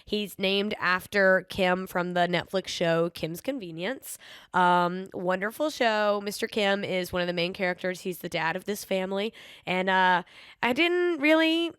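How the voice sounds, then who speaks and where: In clean studio sound with no room noise, a young woman hosts a casual solo podcast, spinning stories with playful sass, many ums, and a slight lisp at times. Her mid-range voice is a bit bright and clean in tone, kept to a measured pace.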